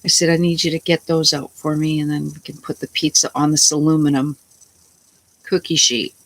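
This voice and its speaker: A woman's voice: low voice, flat delivery, normal speed, poor audio. A middle-aged woman who is unwell, telling a long, rambling, indignant story in a casual vlog and acting out her own lines. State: unwell, tired. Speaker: vlogger.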